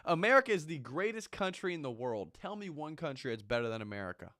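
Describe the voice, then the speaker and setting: A man's voice: a little high, very animated, fast talker, a bit bright, dry recording, clean studio sound. A man and former Marine giving an impassioned, ranting monologue, repeating his points with emphasis. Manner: fired-up, ranting, emphatic repetition.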